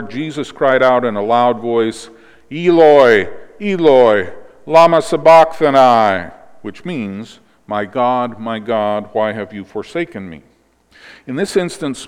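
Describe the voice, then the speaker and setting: A man preaching, calmly explaining scripture and closing in prayer. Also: fairly low pitch, clear, resonant tone, in a large hall. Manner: explanatory teaching, ends in prayer. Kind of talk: sermon.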